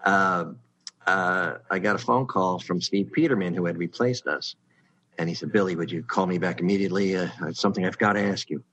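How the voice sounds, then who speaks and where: A middle-aged sitcom writer swaps show-business anecdotes in casual chat, animatedly acting out the people he quotes. He speaks a little fast in a low voice. The recording quality is low.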